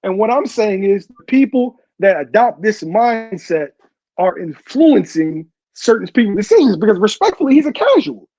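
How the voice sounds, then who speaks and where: A man's voice: high voice, big pitch swings, normal speed, a little mellow, no echo. A man co-hosting a casual online talk show, pressing his point and cutting others off to break it down. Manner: insistent, keeps cutting in to make his point. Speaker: podcast host. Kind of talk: casual debate chat.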